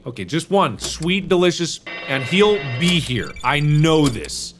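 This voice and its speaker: A young man hosting a horror game video, yelling and cursing at the game, then muttering to himself. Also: fairly high pitch, very animated, measured pace, hardly any pauses, background noise. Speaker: gaming video host.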